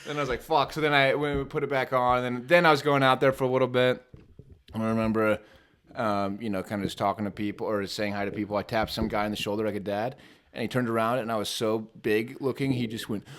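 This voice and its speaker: A man's voice: mid-range voice, fairly even intonation, fast talker, a bit bright, clean tone. A young man, a comedian guest on a podcast, rambling through stories in casual chat and acting out the voices of the people in them. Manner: rambling storyteller, acts out kids' voices.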